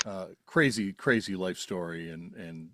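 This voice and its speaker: A man hosting an interview podcast, chatting in a relaxed, musing way. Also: deep voice, a little slow, no echo, clean studio sound. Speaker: podcast host. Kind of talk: casual interview.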